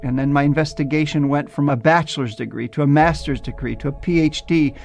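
A man from New Jersey gives an earnest, reflective personal testimony in a slightly higher voice than most men. Soft music plays faintly underneath as he tells his story. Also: fairly even intonation, brisk, creaky. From New Jersey, USA. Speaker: testimony speaker.

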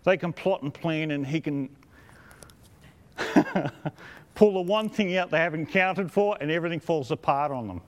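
High-voiced, enthusiastic preacher. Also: male voice, animated, normal speed, pauses often. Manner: enthusiastic, admiring, chuckling asides. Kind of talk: sermon.

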